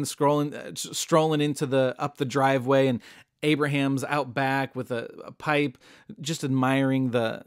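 A man's voice: mid-range voice, dry recording. Man, Bible teacher, comedic storytelling, jokey slang, dry close sound. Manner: casual and jokey, with modern slang.

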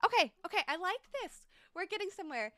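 Young female streamer, bubbly and chatty, high-pitched, dry close mic. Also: fast, dry recording. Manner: bubbly, repeats exclamations, thanks chat excitedly. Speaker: game streamer. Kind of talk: casual live-stream chat while building in a game.

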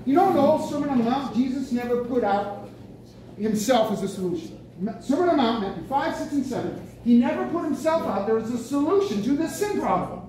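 A man preaching a lively sermon at a senior center, bursting out with excited exclamations. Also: very high-pitched. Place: senior center meeting room. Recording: very echoey room, mic from far off, faint noise.

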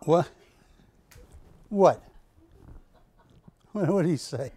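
A man's voice: fairly high pitch, expressive, extremely slow, dark tone, husky. A man hosting a live shopping broadcast, chatty and enthusiastic, telling anecdotes about the art he presents. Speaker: shopping channel host.

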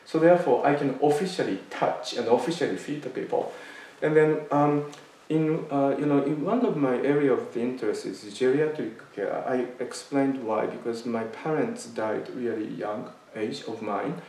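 A man tells a personal story as a Zen talk, stopping and restarting with frequent fillers. His voice sits at an ordinary pitch. He is heard from a little way off, in a room with heavy echo. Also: darkish tone. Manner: halting, many fillers and restarts. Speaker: Zen teacher giving a talk. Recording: echoey room, mic at a distance.

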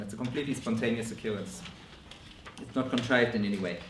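A man giving a scholarly conference lecture in a measured way, often restarting his phrases. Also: fairly low pitch, fairly bright tone, a little hiss or hum. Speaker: academic lecturer. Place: lecture room. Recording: roomy echo from a distant mic.

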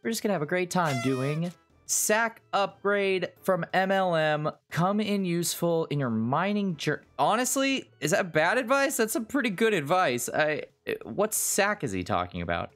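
A man's voice: high voice, sing-song, moderate pace, fairly bright tone, faint music behind. A man giving casual, self-mocking gameplay commentary at his computer, sarcastic and swearing often. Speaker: video game streamer.

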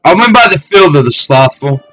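A man preaching from scripture in a fiery, profane way, swinging between shouted tirades and low mocking murmurs. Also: lively intonation, brisk, faint music behind, poor audio. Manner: swears heavily. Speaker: street preacher.

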